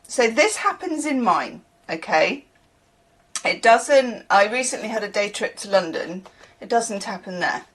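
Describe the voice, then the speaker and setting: A rambling, chatty woman from the UK doing a casual tarot reading. Her voice sits at a middling pitch and swings freely up and down as she talks. She drifts into laughing asides between her points. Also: expressive, a little slow, breathy edge. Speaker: tarot reader.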